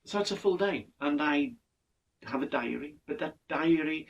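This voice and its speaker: An older man, talking in an earnest, measured monologue and often restarting his words. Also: a little high, expressive, far from the mic, lo-fi sound. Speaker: podcast speaker. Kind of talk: reflective monologue.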